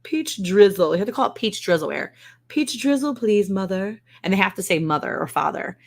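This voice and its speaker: A woman with a fairly low, gravelly voice talks at a quick pace while hosting a live ranch stream indoors at home. Casual and chatty, she replies to viewer comments wryly and makes fun of herself.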